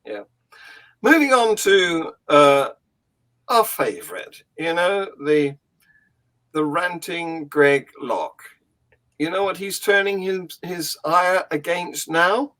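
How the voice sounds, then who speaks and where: A man with a slightly higher voice hosting a panel talk. He introduces each clip in a measured, wry way and keeps the chat moving. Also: animated, pushed and bright. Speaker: podcast host.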